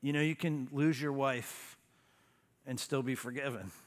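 A man preaching a sermon as a pastor, emphatic, with dramatic pauses and sudden drops to a low, quiet voice. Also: fairly even intonation, long reverb tail.

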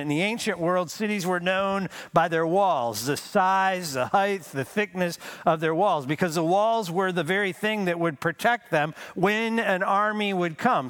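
Guy pastor preaching in church, kinda high voice, hammers his points, slows way down to stress stuff. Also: a bit bright. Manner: emphatic, repeats key phrases, slows down for emphasis. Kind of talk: sermon.

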